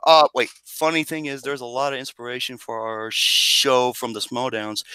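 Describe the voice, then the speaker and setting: Man, podcast host, bright tense voice, dry close sound, crude joking banter. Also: mid-range voice, moderate pace, hardly any pauses, clear, resonant tone, no echo, poor audio. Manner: loud, excitable, crude and joking. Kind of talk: casual chat.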